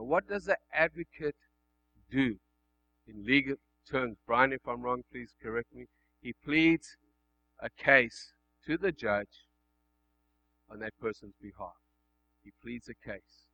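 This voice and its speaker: A man preaches a sermon in a bright, forceful voice. He builds to loud, emphatic declarations, then drops to near-hushed tones. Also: medium pitch, expressive, slow, long pauses, low-quality recording. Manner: preaching that swings between loud emphatic passages and hushed quiet ones. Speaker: pastor.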